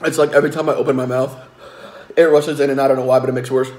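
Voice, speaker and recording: A man's voice: medium pitch, flat delivery, rapid-fire, darkish tone. Young man groaning in burning pain. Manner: groaning, repeated exclamations, strained and trembling. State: in burning pain from a spicy chip. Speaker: vlogger. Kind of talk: casual vlog commentary.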